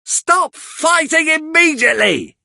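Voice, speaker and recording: A man voicing a mean, harsh woman in a storybook reading, scolding with a husky edge. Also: big pitch swings, unhurried, fairly bright tone, no echo, clean studio sound, exaggerated voice. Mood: shrill. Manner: scolding, shrill and cold. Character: mean, harsh middle-aged woman, stepmother figure.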